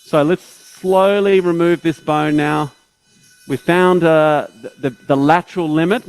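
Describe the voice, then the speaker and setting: A man's voice: fairly high pitch, fairly even intonation, a little slow, smooth, poor audio. A man, a surgeon, giving step-by-step teaching commentary during a live operation, often checking in with tag questions.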